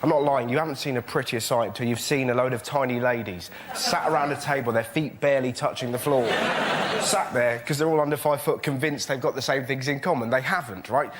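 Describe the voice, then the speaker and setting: A young man doing stand-up on a panel show, excitable, jumping into shrill shouted impressions. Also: fairly quick, crowd noise. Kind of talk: stand-up comedy routine. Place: television studio with a live audience. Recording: noisy studio broadcast recording. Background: audience laughter.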